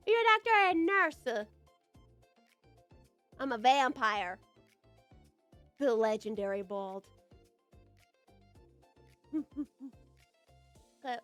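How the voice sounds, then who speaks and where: A young woman from the United States chats with her stream audience in a very high, childlike voice. Her bright, lively delivery is slow, bubbly and teasing. She is on a dry close mic with faint music underneath. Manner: bubbly and giggly, playful teasing. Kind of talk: casual live-stream chat with viewers.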